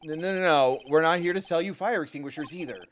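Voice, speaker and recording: A man's voice: fairly high pitch, fast talker, a bit bright, a little hiss or hum, voice pushed up, lightly acted. Phoenix Wright, as a man reads him. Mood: insistent. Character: earnest young male defense lawyer.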